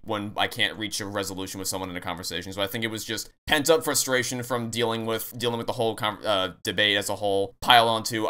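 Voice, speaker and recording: A man's voice: on the low side, pushed and bright, clear, resonant tone. A man hosting a casual call with a friend, explaining at length with frequent restarts and repeated words. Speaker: channel host.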